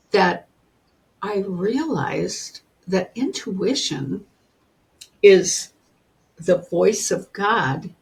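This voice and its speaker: A woman in her seventies telling personal stories as a podcast guest in an animated way, often calling the listener honey. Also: mid-range voice, vocal fry. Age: 70s. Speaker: guest, psychic and spiritual teacher. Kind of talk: storytelling in a podcast interview.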